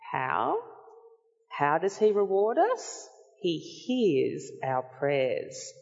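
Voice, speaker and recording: Woman preacher, unhurried sermon delivery, earnest and measured, dull recording with long reverb. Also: sits low, darkish tone. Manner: earnest, measured Bible teaching.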